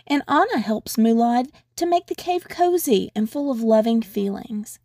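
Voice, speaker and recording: A woman's voice: fairly high pitch, very animated, unhurried, hardly any pauses, darkish tone, no room sound, studio quality. Woman reading a children's story. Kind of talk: reading a children's picture book aloud.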